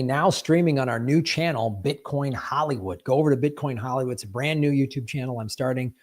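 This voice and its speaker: A man's voice: mid-range voice, brisk, hardly any pauses. A man hosting a live stream in casual chat, playful, breaking into sound effects and silly rhymes. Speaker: livestream host.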